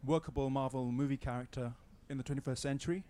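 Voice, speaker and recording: A man's voice: mid-range voice, fairly even intonation, fast, mellow. A man in the audience politely asking the panel a question. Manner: polite, formal.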